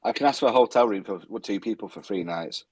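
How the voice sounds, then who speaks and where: A man's voice: fairly low pitch, fast talker, darkish tone, a little hiss or hum. A British man co-hosting a podcast in casual chat, rambling and restarting his sentences. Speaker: podcast co-host.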